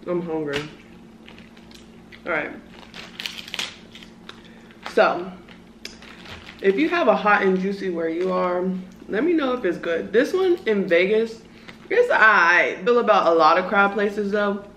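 A woman's voice: mid-range voice, expressive, measured pace, fairly bright tone, slight background noise. A woman in her early twenties vlogging a casual mukbang chat, slangy and talking while eating. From Southern California. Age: early 20s. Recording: roomy echo.

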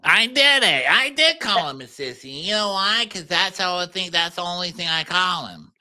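A woman's voice: fairly low pitch, animated, normal speed, bright, forceful tone. A woman putting on the voice of a blunt, defiant older mother in a comic impression.

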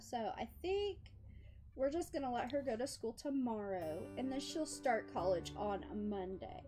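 A woman's voice: high voice, mellow. A woman giving casual commentary while playing a life-sim game, chatting to her character and laughing often. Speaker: gameplay commentator.

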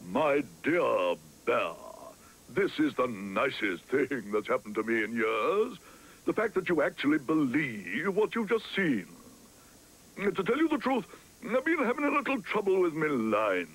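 A man voicing a grand, booming old stage actor with a theatrical manner in a storybook cartoon. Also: very animated, measured pace, fairly bright tone, a little hiss or hum.

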